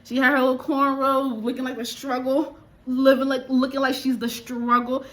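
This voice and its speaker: A woman's voice: high-pitched, little pitch movement, normal speed, fairly bright tone. A woman from Liberia chatting animatedly and exclaiming as she reviews a film. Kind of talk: casual movie review.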